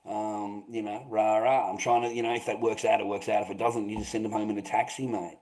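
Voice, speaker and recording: A man's voice: on the low side, level tone, brisk, darkish tone, poor audio. A middle-aged Australian man telling a rambling anecdote, swearing often and filling gaps with "rah, rah".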